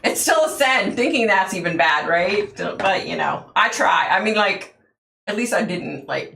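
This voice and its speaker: A woman's voice: mid-range voice, expressive, moderate pace, gravelly, fairly bright tone, echoey room. A woman hosting a livestream, telling stories in a chatty way, laughing often and answering viewers' comments. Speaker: livestream host. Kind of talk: casual chat with viewers.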